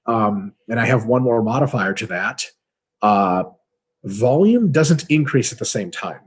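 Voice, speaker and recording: A man's voice: mid-range voice, lively intonation, a little slow, breathy edge. A man co-hosting a casual webinar, answering training questions in a blunt, profane, explanatory way. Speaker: co-host answering fitness questions.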